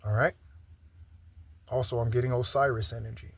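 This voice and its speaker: A man's voice: medium pitch, steady tone, normal speed, a little hiss or hum. A man giving a spiritual tarot reading in a chatty way, often checking in with "okay?". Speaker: tarot reader. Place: home in Southern Arizona.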